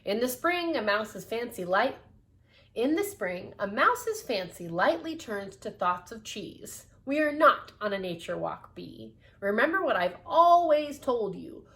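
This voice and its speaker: Brief: woman playing a stern storybook lady, firm and lecturing, lively pitch. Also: a little slow, exaggerated voice. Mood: scolding.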